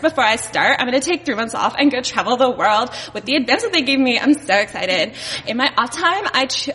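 A woman's voice: high-pitched, a bit bright, big-room sound. A woman voicing a gushing young Valley Girl engineer, with a put-on Valley Girl accent. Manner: gushing, upspeak.

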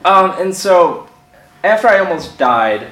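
A man's voice: high-pitched, unhurried, distant mic. A young man telling a funny story on stage, laughing as he talks. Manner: animated, laughing through his story. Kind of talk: stand-up storytelling. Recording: echoey hall, mic from afar, audience noise.

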